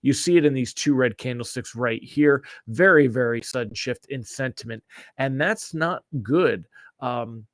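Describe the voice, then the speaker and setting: A man's voice: medium pitch, unhurried, dry recording, studio quality. A man hosting a daily live-streamed mortgage rate update, chatty and upbeat, greeting viewers by name, slightly stuffy from allergies.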